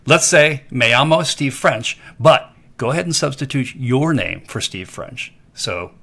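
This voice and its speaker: Playful, lively-voiced male language teacher. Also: mid-range voice, measured pace, creaky. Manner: playful, repeats phrases for learners to echo. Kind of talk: scripted narration for a kids' lesson.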